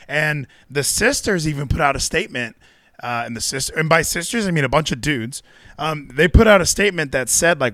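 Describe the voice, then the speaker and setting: Male co-host, lively sarcastic ranter, a touch high-pitched, dry close mic. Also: fast talker, dry recording. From Texas. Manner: animated, sarcastic ranting. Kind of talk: casual podcast chat.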